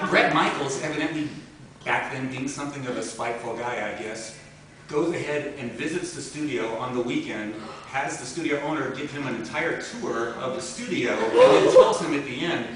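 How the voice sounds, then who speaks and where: A man's voice: medium pitch, normal speed. A man, a record producer, telling a funny story from his career in a casual way, often laughing and quoting people. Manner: animated, laughing often, quotes voices. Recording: roomy, distant mic, noisy background.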